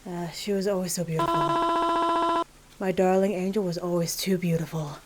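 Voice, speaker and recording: A woman voicing a grieving middle-aged mother at her daughter's funeral, speaking in a soft, drawn-out, tremulous way. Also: fairly low pitch, fairly even intonation, heavy background noise, natural voice.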